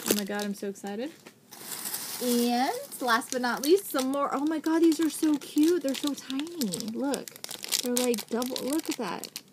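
A woman in her thirties gushing with excitement as she unboxes craft supplies in a casual vlog, thanking the sender again and again. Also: fairly high pitch, a little hiss or hum. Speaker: vlogger unboxing craft mail.

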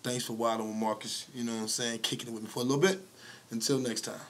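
A man's voice: mid-range voice, steady tone, quick pace, a bit bright. A man hosting a reaction video, chatting casually in a laid-back slangy way. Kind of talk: casual chat.

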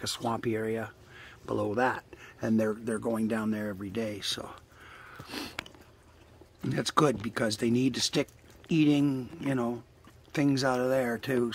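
An older man vlogs casually outdoors beside a trailer near the woods, rambling as he fondly coaxes animals and swears now and then. His voice is mid-range, and there's a little hiss or hum on the recording.

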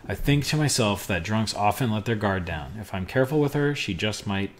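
A man with a lowish voice plays through an adventure game for his podcast. He mutters commands to himself and reads the game's text aloud in a casual way. He drops dry, amused asides. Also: expressive, brisk. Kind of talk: casual let's-play commentary and reading game text aloud.

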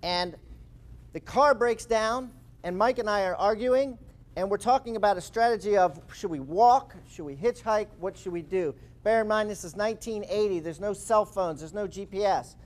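Man, forties, high-pitched, animated storyteller, author giving a talk. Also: moderate pace. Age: 40s. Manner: lively anecdotal storytelling. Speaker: speaker and author.

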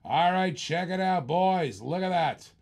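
Older man, live auction host, chatty hype, repeats himself, slightly high voice. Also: a little slow, gravelly, darkish tone. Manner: enthusiastic, chatty, repeats lines while showing cars. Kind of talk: energetic live-stream auction patter.

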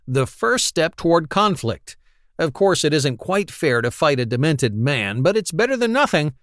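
Man giving a lively audiobook narration. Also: on the high side, moderate pace, no echo, studio quality. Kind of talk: scripted narration.

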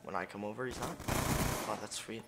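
A gamer doing live gameplay commentary, ranting profanely at the match and bursting into excited yelling. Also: mid-range voice, moderate pace, heavy background noise. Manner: profane, frustrated ranting at the game.

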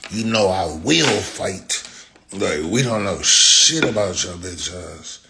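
A man's voice: sits low, animated, slow, creaky, very noisy. A young man in a profane, taunting rant, repeating his insults over and over. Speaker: social media commenter. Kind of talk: angry rant.

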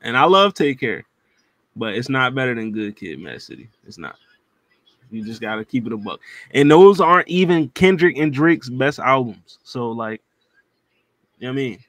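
A man's voice: mid-range voice, moderate pace, no echo. Laid-back man, dry close sound. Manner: relaxed, hedging with fillers. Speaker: podcast co-host. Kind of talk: casual chat.

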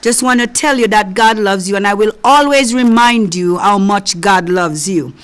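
A woman's voice: mid-range voice, moderate pace. A woman preacher with a slight accent giving a conversational sermon, speaking earnestly and directly to her listeners. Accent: non-native English. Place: local community TV studio.

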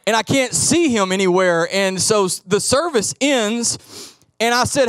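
High-voiced pastor telling stories. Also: male voice, unhurried, dry recording, studio quality. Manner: animated storytelling, acts out quoted voices. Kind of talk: sermon.

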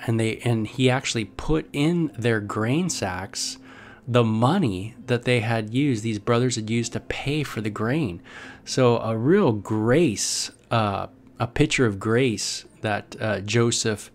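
A man giving a casual, conversational Bible devotional. He reads scripture aloud and comments on it with many fillers. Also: medium pitch. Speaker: Bible teacher.

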